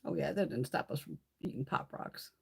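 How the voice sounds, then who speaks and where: A woman's voice: sits low, brisk, vocal fry, darkish tone, husky. A woman hosting a casual live makeup stream, chatting in a blunt, profane, ranting way as she swatches products. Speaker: beauty livestream host. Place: home, in Connecticut.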